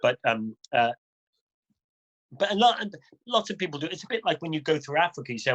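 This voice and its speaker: A man's voice: a little high, sing-song, quick pace, a bit bright, lo-fi sound. A middle-aged man, a guest adventure motorcyclist, telling stories in a casual way and acting out other people's lines. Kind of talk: casual conversational storytelling.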